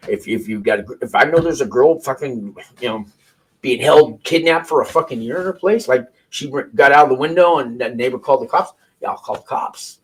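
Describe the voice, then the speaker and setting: A man's voice: mid-range voice, husky, low-quality recording. A man hosting a casual talk show, speaking candidly and rambling with restarts and swearing between news clips. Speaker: host reacting to news clips. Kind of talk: casual chat.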